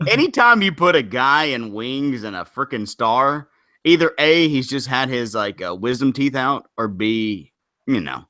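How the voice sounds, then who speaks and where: A man's voice: mid-range voice, animated, unhurried, sharp tone, no room sound, clean studio sound. A man hosting a casual group chat, wry and sarcastic. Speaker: host.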